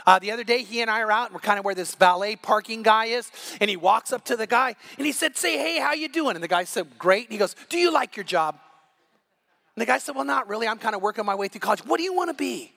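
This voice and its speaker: A man's voice: extremely high pitch, bright, forceful tone. A middle-aged male pastor preaching a sermon, telling stories with quoted dialogue and frequent restarts.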